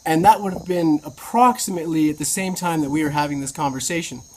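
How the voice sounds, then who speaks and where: A woman on a motorcycle trip, chatting in a casual video diary, excitable and incredulous, swearing freely. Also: low voice, quick pace, background noise. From Canada. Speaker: motorcycle travel vlogger.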